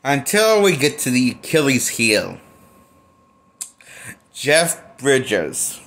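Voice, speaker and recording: A man's voice: mid-range voice, sing-song, drawn-out words, fairly bright tone. A man giving a casual film review as a movie critic, blunt and profane, rambling and restarting his sentences often.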